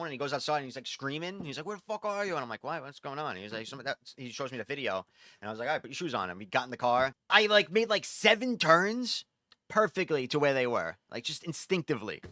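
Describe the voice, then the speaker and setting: A man, a streamer, telling a story in casual, profane, animated talk. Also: mid-range voice, no echo.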